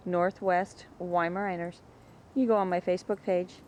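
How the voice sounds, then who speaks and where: A woman talking casually about her dogs in her yard, chatting away and calling to them in a high sing-song. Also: steady tone, normal speed, a little mellow, a little hiss or hum. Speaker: dog breeder. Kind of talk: casual home video narration.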